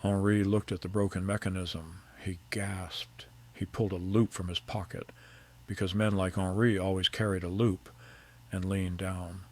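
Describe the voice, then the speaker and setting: A middle-aged man narrating a first-person story in a calm, measured, precise way. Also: low-pitched.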